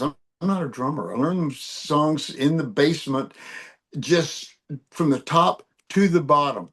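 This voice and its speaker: An older man, a musician, telling lively anecdotes in an interview, laughing as he goes. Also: fairly high pitch. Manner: animated storyteller, laughs often. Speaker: guest musician. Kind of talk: storytelling interview.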